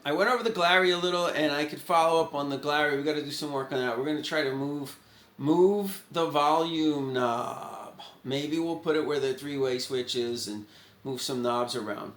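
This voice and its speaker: A man's voice: a little high, fairly bright tone. A man chatting casually in a guitar repair vlog, rambling and folksy, thinking aloud as he goes.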